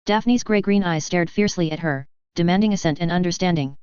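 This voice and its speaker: A woman narrating a fan story audiobook in a steady, even manner. Her voice sits somewhat low and comes through very clear. The recording is dry with a slightly dull band. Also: fairly quick, hardly any pauses, no room sound.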